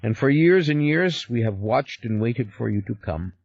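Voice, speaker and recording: A man's voice: mid-range voice, animated, normal speed, vocal fry, darkish tone, dry recording, highs cut off, voice pushed up. A man reading an audiobook, voicing an insistent, powerfully built stranger who speaks urgently and presses his point. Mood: intense. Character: powerful northern European man, insistent, knowing.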